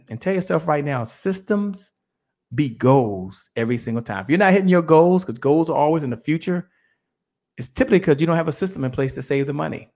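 A man's voice: fairly high pitch, gravelly, a little mellow. A man giving a fired-up motivational talk on a podcast, preaching with chants and call-and-response. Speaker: guest speaker. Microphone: remote call.

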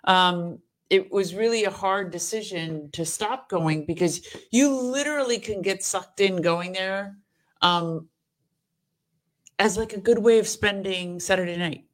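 A woman's voice: medium pitch, a little slow. A woman co-hosting a Christian devotional show, chatting casually with her husband and reading viewer comments aloud. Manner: lively, laughs often, animated.

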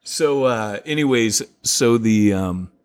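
A man's voice: on the low side, slow, smooth. A man co-hosting a casual podcast, rambling through points and acting out quotes with lots of laughs. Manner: animated storyteller, acts out quotes, laughs often; rambling, many restarts and fillers. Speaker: podcast co-host.

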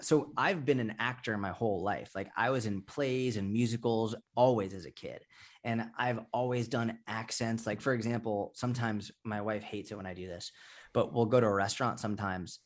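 A man, a fitness content creator talking candidly as an interview guest, rambling and swearing freely. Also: on the low side. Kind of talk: casual interview talk.

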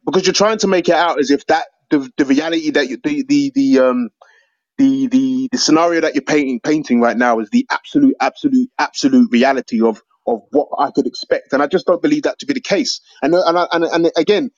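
Fast-talking British man, heated and emphatic. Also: mid-range voice, dry recording, lo-fi sound. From United Kingdom. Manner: fast, emphatic, swears, calls people mate and bro. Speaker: guest on a call-in panel. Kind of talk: heated debate.

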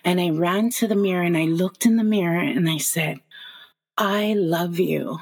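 A woman's voice: lowish voice, brisk, darkish tone. A woman in her forties telling a personal story as a podcast guest, earnest and emotional, often restarting her sentences. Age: 40s.

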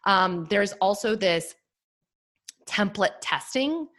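A woman's voice: mid-range voice, lively intonation, takes it slowly, a bit bright. A woman in her thirties hosting a solo podcast, speaking candidly and with animation, using lots of fillers. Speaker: podcast host and nutrition practitioner.

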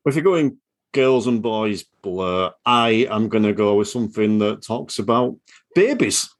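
A man hosting a casual podcast chat, jokey and quick to swear. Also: fairly low pitch, lively intonation. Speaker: podcast host.

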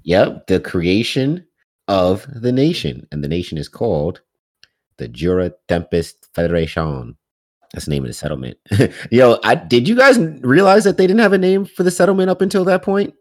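A man's voice: medium pitch, lively intonation, normal speed. A young man co-hosting a casual podcast chat, laid-back and slangy, laughing often. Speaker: podcast co-host. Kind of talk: casual chat about an anime.

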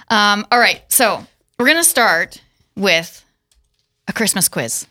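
Brief: upbeat woman quiz host, bright tone, laughs through her lines, studio chat. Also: mid-range voice, lively intonation, slow, no echo. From South Dakota. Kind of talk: casual studio chat, quizmaster.

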